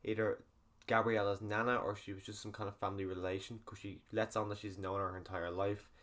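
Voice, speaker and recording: A man's voice: lowish voice, level tone, brisk, fairly bright tone. A man casually recapping a film's plot in a rambling spoiler review, full of fillers. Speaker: film reviewer.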